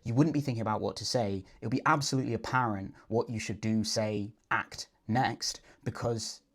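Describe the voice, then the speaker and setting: In a coaching breakdown voice-over, a man explains his dating advice earnestly and conversationally. His lowish voice holds a steady tone at a moderate pace.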